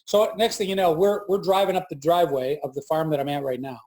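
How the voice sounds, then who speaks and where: A man's voice: a little high, quick pace. A man in his forties, an entrepreneur guest telling a story in a casual interview from his farm, acting out the voices of people he quotes. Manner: animated storyteller who acts out quoted voices.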